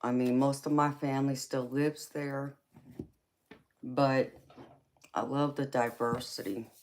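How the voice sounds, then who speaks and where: Southern American woman, live stream host, slow easy chat, affectionate with viewers. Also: very deep voice, slight background noise. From California. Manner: warm terms of endearment, slow relaxed talk.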